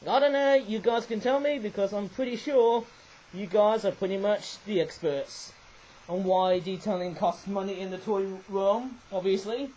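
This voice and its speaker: Sitting high and a little mellow, this man's voice moves at a moderate pace on a poor-quality recording. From a room at home with a toy train setup, he gives a meandering, casual toy review, frequently correcting himself and adding "eh" as a tag question.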